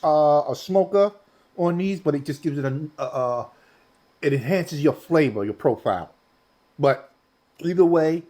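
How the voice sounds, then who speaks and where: A man, hosting a casual cooking vlog in a relaxed, chatty way and talking while he eats. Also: a little high. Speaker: cooking channel host.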